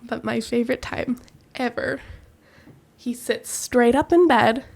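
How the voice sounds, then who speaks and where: High-voiced woman telling stories, laughing. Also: unhurried, creaky, breathy edge. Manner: animated storyteller, laughs often. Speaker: podcast co-host. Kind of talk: casual chat. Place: US-born living in Korea.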